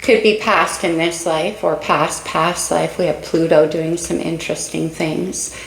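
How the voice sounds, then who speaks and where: A woman's voice: low-pitched, fairly even intonation, a little slow, creaky, reverberant, low-quality recording. A woman giving a casual spoken tarot reading, musing and speaking straight to her viewers while a little out of breath. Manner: dreamy, musing, talks to viewers directly. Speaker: tarot reader.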